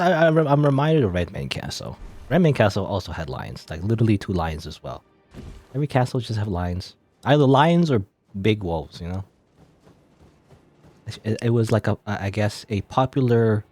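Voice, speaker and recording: Low-voiced man musing over gameplay. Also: a little mellow. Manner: rambling, musing aloud with self-deprecating jokes. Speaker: let's play host. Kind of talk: casual gameplay commentary.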